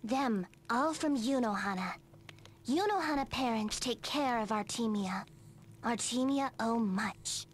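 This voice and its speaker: A woman's voice: on the high side, measured pace, a little hiss or hum, close to an everyday voice. An actress playing an earnest female companion in a video game, who talks in broken third-person sentences. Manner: broken grammar, refers to herself by name.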